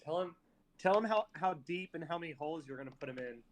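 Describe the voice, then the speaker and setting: A man's voice: fairly high pitch, lively intonation, quick pace. A man playing a tabletop game who throws out teasing, crude banter. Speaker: player. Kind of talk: casual tabletop game chat.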